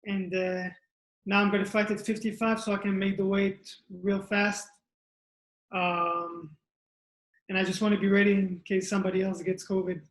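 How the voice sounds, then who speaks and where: A man's voice: sits high, flat delivery, normal speed. A man, a fighter answering interview questions in plainspoken short phrases. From Israel. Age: 20s. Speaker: mixed martial arts fighter. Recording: echoey room.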